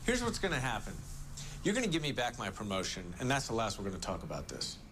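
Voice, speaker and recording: A cocky cool-headed lawyer. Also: male voice, fairly low pitch, very animated, fast talker, fairly bright tone, slight background noise. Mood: cool commanding. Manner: confident, cutting, commanding. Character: cocky, unflappable male corporate lawyer. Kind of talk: TV drama dialogue.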